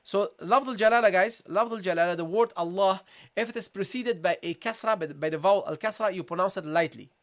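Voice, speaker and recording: Teaching a recitation lesson live over the internet, a man whose voice sits high patiently repeats questions for viewers and models the sounds slowly.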